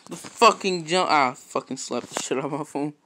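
A man giving casual gameplay commentary, swearing constantly and breaking into loud frustrated outbursts. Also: on the high side, normal speed, background noise. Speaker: gamer and YouTuber.

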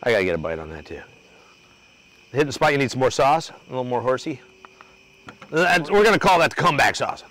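A man's voice: medium pitch, big pitch swings, fairly quick, long pauses, a bit bright, a little hiss or hum, rough recording. A man hosting an outdoor cooking demo at a grill, talking loosely and joking with his crew and the viewers. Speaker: cooking show host.

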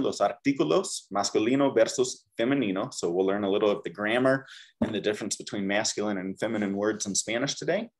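Here a man teaches beginners Spanish, cheerfully drilling the students as they repeat after him. His voice is medium in pitch and a little mellow.

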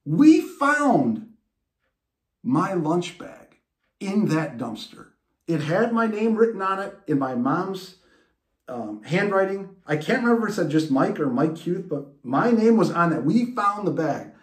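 A man hosting a podcast and telling a personal story in an animated way, with restarts and laughs. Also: sits high, a little slow, roomy sound. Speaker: podcast host. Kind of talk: storytelling monologue.

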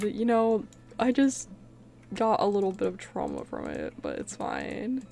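Chatty young woman with vocal fry. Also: medium pitch, huge pitch swings, measured pace, darkish tone. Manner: chatty, easily startled, self-mocking. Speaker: gaming video creator. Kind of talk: casual gameplay commentary.

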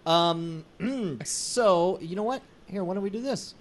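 A man's voice: high-pitched, slow, slight background noise. A man hosting a live web show in casual chat, rambling, joking and laughing often. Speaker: host.

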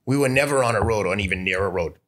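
A man in his fifties, a podcast guest, telling stories in a casual interview in a profane, animated way. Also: on the low side, racing. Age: 50s.

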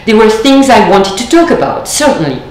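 A woman whose first language is French gives a reflective lecture in an echoey room with faint background noise. Her voice sits on the high side with a darkish tone and is very animated, yet her manner is measured and thoughtful, with deliberate pauses.

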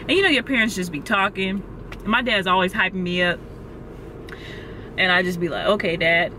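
Excitable young woman vlogging from her car. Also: medium pitch, slight background noise. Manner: gasping, exclaiming, talking fast and excitedly. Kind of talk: excited casual vlog. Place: in a parked car. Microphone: phone camera held close.

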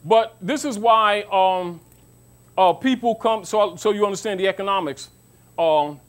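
High-voiced man lecturing, preachy. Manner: preachy, rhetorical questions, mocking asides; calls listeners baby. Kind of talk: informal lecture to an audience.

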